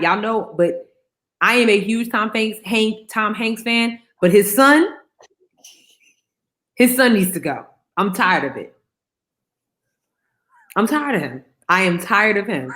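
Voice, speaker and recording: Young adult woman, podcast co-host, emphatic and slangy, mid-pitched voice. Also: takes it slowly, pauses often. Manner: animated, emphatic storytelling with slang. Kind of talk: casual chat.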